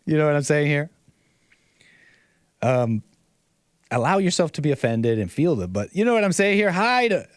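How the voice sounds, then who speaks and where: A man's voice: on the high side, big pitch swings, unhurried, long pauses, no echo, studio quality. A man hosting casual online commentary, mocking and rambling, repeating himself and chuckling often.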